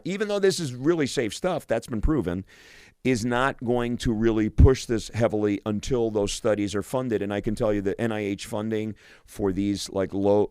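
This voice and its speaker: A man's voice: medium pitch, darkish tone, smooth, no echo. A male physician hosting a radio show, talking enthusiastically on his own, often restarting and repeating words. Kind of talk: solo radio talk.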